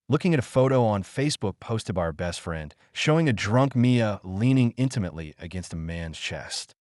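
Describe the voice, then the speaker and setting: Expressive male story narrator. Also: lowish voice, no room sound, clean studio sound.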